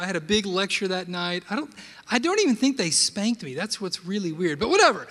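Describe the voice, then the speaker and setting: A man preaching a sermon and telling personal stories in an animated way, with frequent rhetorical asides to the congregation. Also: high-pitched, normal speed. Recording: long hall reverb.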